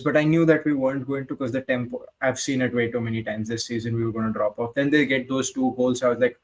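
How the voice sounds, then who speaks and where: A man co-hosting a casual football match-reaction chat, blunt and sweary and animated. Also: medium pitch, quick pace, few pauses, poor audio. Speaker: football podcast co-host.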